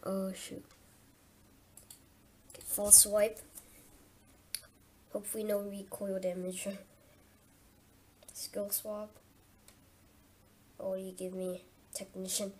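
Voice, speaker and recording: A woman's voice: mid-range voice, level tone, extremely slow, long pauses, a little mellow, a little hiss or hum. A woman giving casual gameplay commentary as a let's-play host, just woken up and thinking aloud in a chatty way.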